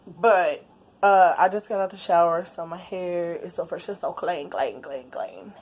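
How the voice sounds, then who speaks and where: A woman, chatting casually in a late-night home vlog, laid-back with quiet asides. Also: fairly low pitch, steady tone, moderate pace. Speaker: vlogger. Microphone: camera on a stand.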